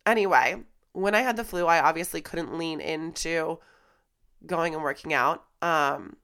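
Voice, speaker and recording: Young woman podcast host, congested from flu and tears, candid and raw, swears freely, slightly low voice. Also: measured pace, a bit bright. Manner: raw, emotional, casual swearing. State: stuffy and congested from crying and flu. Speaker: podcast host and fitness instructor. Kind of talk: candid personal monologue. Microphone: studio microphone.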